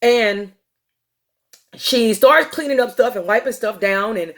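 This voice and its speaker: A woman's voice: a little high, a little slow, a bit bright. A woman hosting a podcast, retelling a TV episode in a casual, conversational way with frequent ums and uhs. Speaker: podcast host. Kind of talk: casual storytelling monologue.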